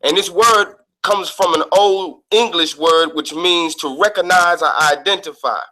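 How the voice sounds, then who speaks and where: A man speaking as a guest on an online call, calmly and methodically breaking down the meaning of words step by step. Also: high-pitched, a little slow, poor audio.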